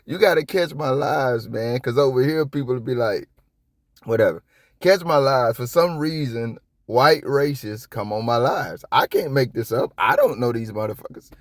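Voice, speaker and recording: A man giving casual reaction commentary on a police video, rambling and profane, with sudden high-pitched outbursts. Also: normal speed, dry recording, clean studio sound. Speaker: copwatch commentator.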